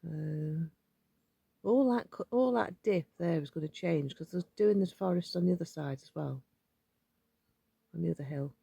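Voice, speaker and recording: A woman's voice: on the low side, normal speed, gravelly, long pauses, warm tone, breathy edge. A woman chatting casually to her vlog audience, rambling and thinking aloud as she goes. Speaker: vlogger. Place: outdoors in a yard.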